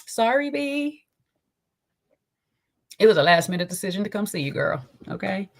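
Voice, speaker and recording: A woman's voice: lowish voice, fast talker, vocal fry. Sassy New woman streaming live. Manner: sassy, chatty, keeps tagging on "okay?"; greets chat viewers by name. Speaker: livestream host. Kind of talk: casual livestream commentary.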